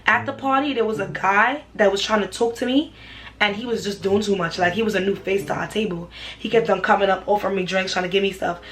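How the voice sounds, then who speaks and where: A young woman, casually retelling a personal story for her vlog, animated and repetitive. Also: mid-range voice, quick pace, rough recording. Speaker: vlogger.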